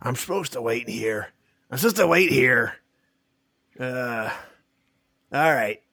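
A man doing a gruff demanding dwarf. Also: mid-range voice, lively intonation, slow, bright, forceful tone, no room sound, studio quality, full character voice. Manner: brusque, demanding.

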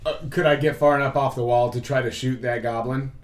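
A man's voice: medium pitch, fairly even intonation, fairly quick, reverberant. Man, tabletop player, mid-range voice, eager and direct. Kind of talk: playing a tabletop game.

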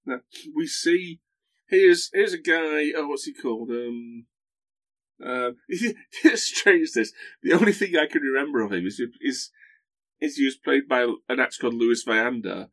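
A man chats casually as a podcast guest. His voice sits at an ordinary middle pitch. He talks in an animated way, often breaking off and restarting his sentences. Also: unhurried. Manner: animated, full of restarts and self-corrections. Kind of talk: casual chat.

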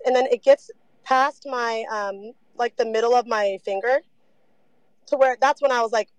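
A young woman telling her story in a casual interview, animated, saying "like" a lot and swearing freely. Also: fairly high pitch, normal speed, dry recording, poor audio.

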